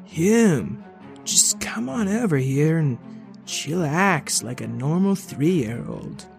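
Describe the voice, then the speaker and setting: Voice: medium pitch, lively intonation, slow, vocal fry, faint music behind. Randall Radbot, voiced as a chill robot babysitter. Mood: mellow. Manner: drawling, says "like" and "beep boop". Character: laid-back robot babysitter, very old, surfer-dude talk.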